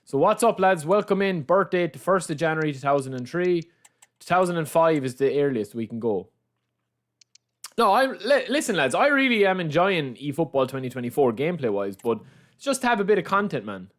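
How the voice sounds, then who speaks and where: A man with a somewhat high voice runs a casual live stream, talking to his viewers as he plays. He teases the chat, calls everyone lads and repeats his lines as he rambles along. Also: lively intonation, fairly quick. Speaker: gaming livestreamer.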